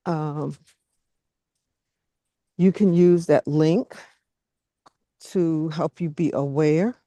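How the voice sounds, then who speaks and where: Slow, gentle woman leading a group call. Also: sits low, no room sound. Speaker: group facilitator. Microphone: video call.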